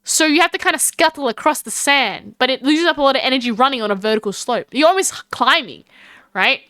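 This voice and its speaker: An Australian woman livestreaming and chatting casually with her viewers, rambling and giggly, talking fast with lots of fillers. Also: high-pitched, lively intonation, sharp tone, no echo. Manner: chatty and giggly, talks to chat and calls herself by name.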